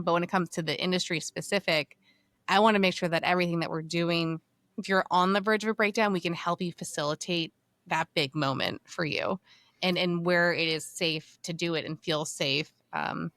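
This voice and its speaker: A woman's voice: on the low side, a bit bright, dry recording. A woman in her thirties hosting a podcast interview, talking in an emphatic, casual way. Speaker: podcast host.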